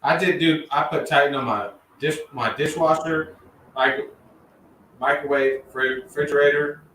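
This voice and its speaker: A man speaking as a livestream guest, excited and chatty, who keeps saying "man" and "dude". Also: a little high, measured pace. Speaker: guest detailer. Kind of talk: casual livestream chat. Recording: roomy, distant mic with faint background hiss.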